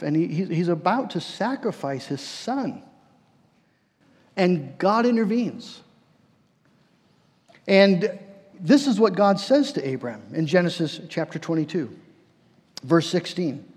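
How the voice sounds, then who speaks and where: A man preacher delivering a sermon, emphatic, repeating words and slowing down for key phrases. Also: sits high, animated, a little mellow, breathy edge. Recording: long hall reverb.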